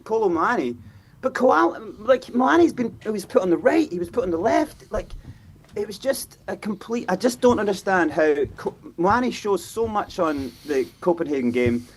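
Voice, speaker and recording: A man's voice: high voice, moderate pace, slight background noise. A man hosting a football fan reaction show, talking passionately and with frustration, often acting out what players said. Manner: animated, frustrated, acts out players' voices.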